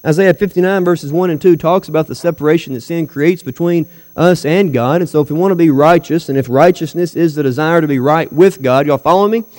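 A man's voice: a little high, a little fast, few pauses, a little mellow. A man preaching a sermon to his church, emphatic and full of rhetorical questions to the congregation. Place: church hall. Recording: long hall reverb.

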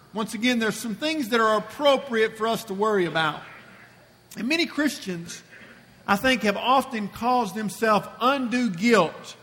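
A man's voice: sits high, pushed and bright. A man preaching a sermon in a church, emphatic and repeating phrases for effect. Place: church sanctuary. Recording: long reverb from a church hall.

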